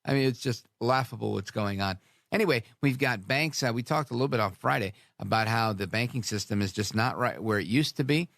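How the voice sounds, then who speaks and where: Gravelly-voiced talk radio host. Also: male voice, medium pitch, fairly quick, dry recording, clean studio sound. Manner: sarcastic, animated, drifts into asides. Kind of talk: opinionated talk radio monologue.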